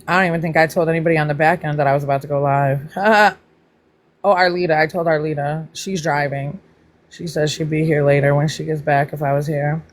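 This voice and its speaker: A woman's voice: fairly even intonation, fairly quick. Chatty woman hosting a livestream. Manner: chatty, greets viewers by name, playful teasing; pitch jumps up high when greeting people. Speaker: livestream host. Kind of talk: casual livestream chat with viewers.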